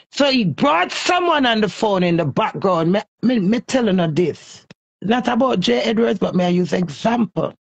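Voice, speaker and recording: Jamaican woman, heated scolding rant, raspy gravelly voice, dull lo-fi phone sound. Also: medium pitch, dry recording. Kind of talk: angry ranting live stream.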